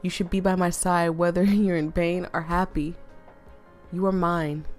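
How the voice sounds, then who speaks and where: A woman voicing a possessive, protective young man in a story game, reading him in a firm, measured way. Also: fairly low pitch, little pitch movement, soft background music, close to an everyday voice.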